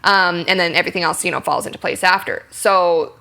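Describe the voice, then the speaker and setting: A young adult actress chatting in an interview, explaining acting with frequent ums and likes and acting out example lines. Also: female voice, fairly low pitch, brisk, vocal fry, pushed and bright. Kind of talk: candid interview conversation.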